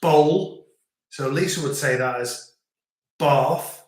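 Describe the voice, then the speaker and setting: A middle-aged man with a Northern English accent chats at an easy, rambling pace, repeating words as he goes. His voice is mid-pitched. The sound bounces around a very echoey room. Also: moderate pace, fairly bright tone. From England. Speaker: host. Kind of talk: casual live-stream chat. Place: family home in rural France.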